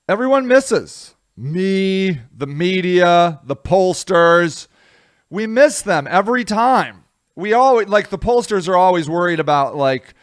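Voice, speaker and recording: A man's voice: a little high, clean tone. Rambling, self-mocking American man. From United States. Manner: rambling, self-deprecating, animated; voice swings widely in loudness. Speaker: vlogger, show host. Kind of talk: casual solo commentary.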